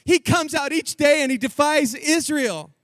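A man's voice: extremely high pitch, moderate pace, a bit bright, dry recording, clean studio sound, pitched above the performer's own voice. A man voicing frightened soldiers who speak in exasperated casual slang.

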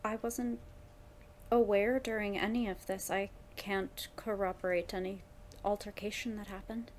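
A woman playing a tabletop game, answering in character in a calm, measured way. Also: mid-range voice, a little hiss or hum. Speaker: player. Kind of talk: in-character roleplay.

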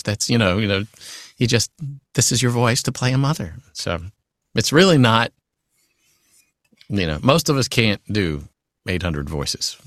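A man's voice: on the low side, moderate pace, no room sound, clean studio sound. Chatty male voice actor. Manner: chatty, animated, many "you know" asides. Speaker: voice actor guest. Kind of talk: casual interview advice.

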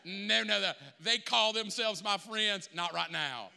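Guy putting on a georgia redneck dude, drawly and defensive, bright voice, echoey hall. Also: high voice, unhurried, creaky, clear, resonant tone, heavily acted. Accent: Southern US (Georgia). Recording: reverberant hall.

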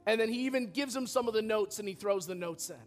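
A man's voice: high-pitched, quick pace, faint music behind. A man preaching a sermon in a church as pastor, earnest and often repeating words as he goes.

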